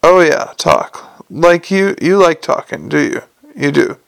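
A man voicing a menacing lowlife male crook who sneers, mocks and lisps a little as he threatens. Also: measured pace, creaky, a bit bright, smooth, no echo, poor audio. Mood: sneering. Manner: sneering, mocking, lisping slightly.

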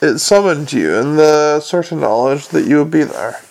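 A man narrating a storybook in a wry, even reading manner. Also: fairly high pitch, normal speed, creaky. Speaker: audiobook narrator.

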